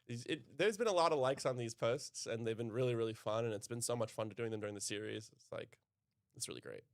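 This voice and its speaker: Brief: relaxed American man from New York, mid-pitched, poker commentary banter. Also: quick pace, vocal fry. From New York City. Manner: laid-back, easily amused.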